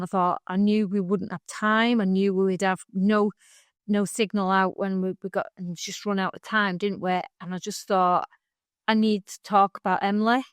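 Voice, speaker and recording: A woman's voice: medium pitch, clean tone, no room sound, studio quality. A middle-aged woman, co-hosting a podcast and telling a long, heartfelt story in casual chat, rambling and laughing along the way. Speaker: podcast co-host.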